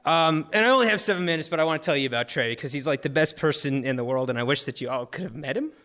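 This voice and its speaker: A young man from Florida telling an emotional personal story on stage, animated, full of likes and fillers. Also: on the high side, quick pace. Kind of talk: live personal storytelling talk.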